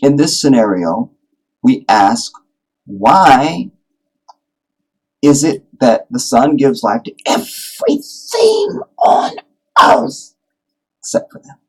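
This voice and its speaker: Husky, animated man on a livestream. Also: mid-range voice, slow pace, pauses often, low-quality recording. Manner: animated, rambling, joking. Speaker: livestream host. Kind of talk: casual livestream monologue.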